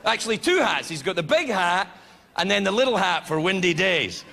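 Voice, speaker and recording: Male comedian yelling and cussing onstage, high gravelly voice, crowd noise all over. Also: measured pace, pauses often. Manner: loud, animated, heavily profane delivery. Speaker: stand-up comedian. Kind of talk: stand-up comedy set. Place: comedy venue before an audience. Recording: live club with crowd and noise.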